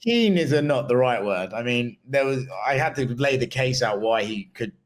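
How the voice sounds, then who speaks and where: A man's voice: medium pitch, moderate pace. A man talking as an interview guest in casual chat, with dry, self-mocking humor. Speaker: interview guest, fighter and media reporter.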